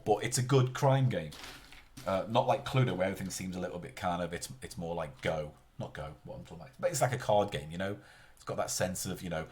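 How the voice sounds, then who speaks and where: Rambling man with a lively low voice. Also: a little hiss or hum. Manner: rambling and self-interrupting. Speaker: streamer. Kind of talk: casual live-stream chat.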